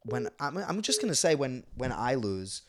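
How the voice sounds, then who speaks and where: A man's voice: mid-range voice, very animated, normal speed. A young man co-hosting a podcast, talking in a casual, emotional way with many restarts and self-blame. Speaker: podcast co-host. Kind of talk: casual chat.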